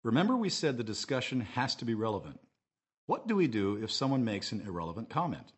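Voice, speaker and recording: His voice is low and husky, yet his intonation stays lively as he narrates an English lesson. He models phrases for repetition, speaking clearly and at a measured pace.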